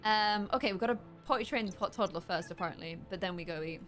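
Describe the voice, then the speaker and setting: A young woman chatting casually while playing a game, rambling with fillers and breaking into high excited squeals. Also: quick pace. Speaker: gameplay streamer. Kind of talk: casual chat over gameplay. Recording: faint music in background.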